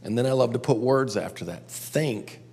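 Gravelly, husky male speaker working a crowd through a story lesson; big hall reverb. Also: medium pitch, fast talker, darkish tone. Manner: coaxing the audience with questions.

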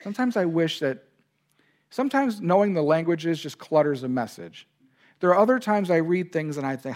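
A man's voice: a little high, expressive, normal speed, darkish tone. A male pastor delivering an earnest sermon, stressing key words and speaking God's lines with feeling. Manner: earnest preaching, voices God's words with emphasis.

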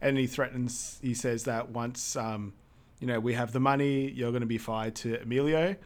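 A man's voice: medium pitch, fairly even intonation, normal speed. A man with an ordinary mid-range voice talks through a movie on a podcast. His delivery is loose and amused, broken up by frequent laughs and casual swearing. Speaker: podcast co-host. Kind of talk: casual chat recapping a film.

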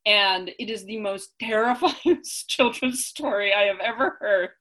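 A young woman from upstate New York, co-hosting a casual chat and telling stories in an animated way. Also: medium pitch, a little slow. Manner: chatty, animated storytelling with laughs.

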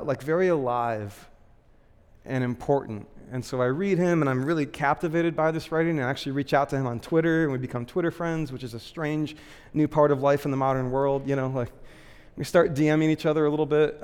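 Pastor guy preaching casual, lots of likes and ums, kinda high voice, big reverby room. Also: clean tone. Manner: chatty, frequent "like" and "um" fillers, laughs lightly. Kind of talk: casual conversational sermon.

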